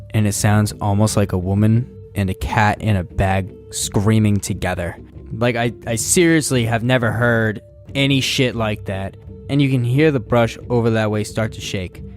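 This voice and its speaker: A man co-hosting a podcast, reading a scary story aloud in a casual, profane way. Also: on the low side. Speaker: podcast co-host.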